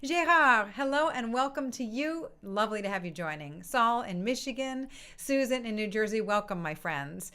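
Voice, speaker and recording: A woman's voice: a little high, animated, normal speed, hardly any pauses, sharp tone, smooth. A woman hosting an online music session, chatting casually and greeting the participants one by one with frequent laughs. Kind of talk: casual live-stream welcome. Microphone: computer mic on a video stream.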